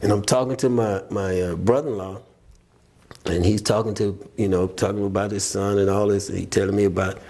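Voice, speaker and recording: Man, podcast guest, lowish voice, earnest, reflective storytelling, conversational testimony. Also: steady tone, brisk, warm tone. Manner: earnest, reflective, retells scenes by voicing people.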